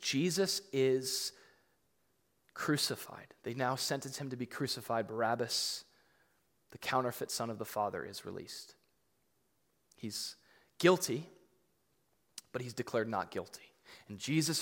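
A man's voice: mid-range voice, a bit bright. A man preaching a sermon, conversational but emphatic, acting out scripture readings with rising intensity. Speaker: pastor. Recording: long reverb of a large hall.

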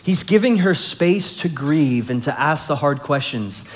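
Expressive male preacher, slightly high voice. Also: a little slow. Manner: expressive, acts out quoted lines with rising emphasis. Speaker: pastor. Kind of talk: sermon.

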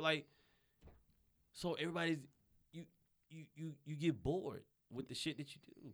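A man with a bright, forceful voice swaps comedy-road stories in loose chat. He is profane and animated, and he mimics the people he quotes. He comes from Arkansas. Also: medium pitch, moderate pace. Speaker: stand-up comedian. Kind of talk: casual podcast chat.

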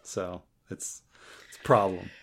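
A man's voice: low-pitched, steady tone, unhurried, vocal fry, husky. A man co-hosting a casual review podcast, rambling and sarcastic, with frequent stammers and restarts. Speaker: podcast co-host.

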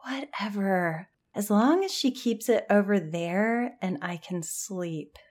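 A woman's voice: medium pitch, expressive, slow pace, darkish tone. A woman voicing April, a grumpy sleepy teenage roommate, grumbling and dismissive.

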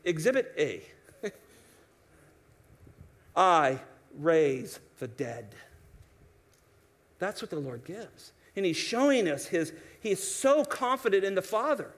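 Male pastor, higher-pitched voice, lively sermon delivery with restarts. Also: moderate pace. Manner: animated preaching with quoted voices and restarts.

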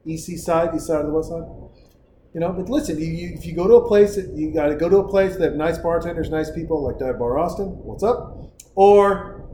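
A man hosts a loose, profane podcast chat, wandering through stories and advice. His voice sits on the high side with a dark tone and a slightly fast pace, recorded in a roomy, echoey space with faint hiss behind it.

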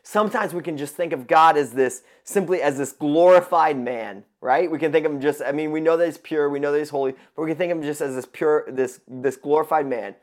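A man's voice: on the high side, a little fast, few pauses. A man preaching a sermon to his congregation, emphatic and repeating words for stress. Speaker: pastor.

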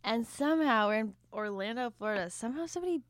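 A woman's voice: fairly high pitch, lively intonation, quick pace, dry recording, clean studio sound. A woman hosting a casual chat podcast, telling a rambling anecdote and laughing between thoughts. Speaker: podcast host.

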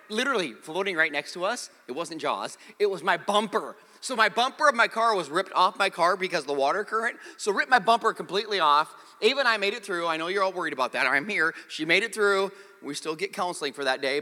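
A high-voiced, bright male pastor preaching a sermon with big swings in pitch. He tells stories with jokes, and his voice rings with long reverb in a large hall. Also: a little fast. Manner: animated storytelling with jokes.

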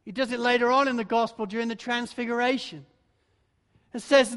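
High-voiced man preaching in a reverberant hall. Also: fairly even intonation, a little fast, smooth. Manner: dramatic preaching that swells in force, then drops low and soft. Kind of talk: sermon. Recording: long reverb of a large hall.

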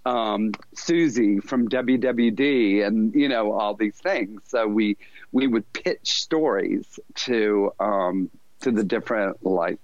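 A man in his fifties with a soft Southern US drawl tells stories in a meandering, self-mocking way and chuckles often. The recording sounds dull and lo-fi in a dry room with no echo. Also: fairly low pitch, slow. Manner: rambling, self-deprecating, laughs often. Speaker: podcast guest, fashion designer. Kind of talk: casual storytelling interview.

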